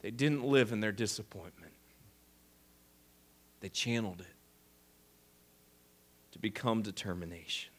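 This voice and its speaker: A man preaching a sermon, swinging between quiet, intimate lines and loud, emphatic ones. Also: on the low side, lively intonation, unhurried, pauses often. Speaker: pastor.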